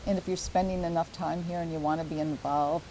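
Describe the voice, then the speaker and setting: An older woman talks in an earnest, community-minded way, hosting a casual local show. Her voice sits low and mellow. A faint hiss runs under the recording. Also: steady tone, brisk, rough recording. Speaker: real estate show host. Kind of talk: casual promotional chat.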